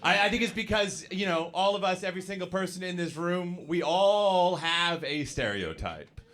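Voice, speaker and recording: A young Canadian man with a Canadian accent doing a stand-up set on a club stage, halting and full of fillers and restarts. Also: high-pitched, animated, a bit bright. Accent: Canadian English. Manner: halting, filler-heavy delivery with repeated restarts. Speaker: stand-up comedian. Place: comedy club stage with laughing audience.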